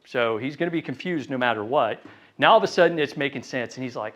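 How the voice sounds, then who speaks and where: A man giving a live sales training talk to a room, lively and conversational, acting out phone calls in quick voices. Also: fairly high pitch. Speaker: real estate sales trainer. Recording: dull lo-fi sound.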